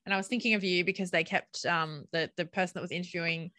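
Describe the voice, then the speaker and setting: Chatty Australian woman, bright dry voice. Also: on the low side, fairly even intonation, fast talker, no echo. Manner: chatty, lots of "like" and "um". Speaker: podcast co-host. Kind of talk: casual chat.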